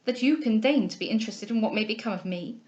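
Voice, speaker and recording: A woman reading a novel aloud, voicing an anxious, earnest young gentleman who pleads with the heroine. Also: fairly high pitch, fast talker, highs cut off, natural voice. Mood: pleading. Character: ardent, humble young gentleman suitor, anxious. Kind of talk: audiobook character reading.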